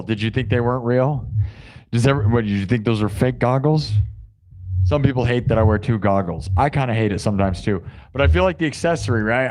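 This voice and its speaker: A man's voice: mid-range voice, a little mellow. Jokey rambling male streamer. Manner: jokey, rambling, talks to chat. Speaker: live stream host and improv musician. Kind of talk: casual live stream chat.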